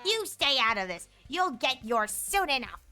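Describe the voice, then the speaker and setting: A woman's voice: sits high, sing-song, moderate pace, pushed and bright, exaggerated voice. A young woman reading teen game characters' dialogue aloud in character.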